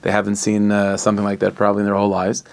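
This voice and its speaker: A male rabbi telling a story with a lowish voice. He talks in a lively, chatty way and often restarts his phrases as he goes. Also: racing, gravelly. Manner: animated and conversational, with frequent restarts.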